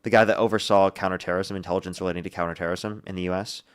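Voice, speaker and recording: A man hosting a live political debate, calm and argumentative, with frequent "like" and "um" fillers. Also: deep voice, racing, clear, resonant tone. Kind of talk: casual debate.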